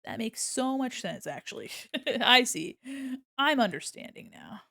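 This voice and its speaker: A woman chats her way through a drawing livestream, laughing easily and explaining her steps as she goes. Her voice carries a light gravelly fry. She sits close to a desk microphone in a dry home room. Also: fairly high pitch, very animated, moderate pace, sharp tone, no room sound. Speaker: art streamer. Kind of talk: casual livestream chat while drawing.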